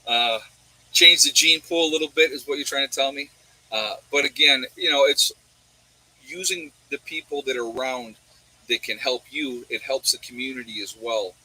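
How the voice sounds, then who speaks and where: A man's voice: medium pitch, moderate pace, bright, forceful tone, slightly rough, no room sound, rough recording. A man with a New York accent hosting a livestream and answering viewer chat in a rambling way, often asking his audience rhetorical questions. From New York State.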